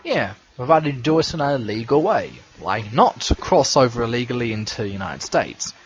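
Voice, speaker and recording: A young man co-hosting a casual podcast chat, giving dry, deadpan replies. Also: mid-range voice, moderate pace. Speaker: podcast co-host. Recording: dull lo-fi sound with faint noise.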